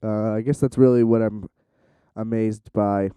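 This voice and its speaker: A man's voice: fairly low pitch, steady tone, measured pace, clean tone, dry recording, lo-fi sound. Rambling, profane male podcast host. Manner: rambling, profane, lots of fillers; self-described shy. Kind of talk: casual solo podcast monologue.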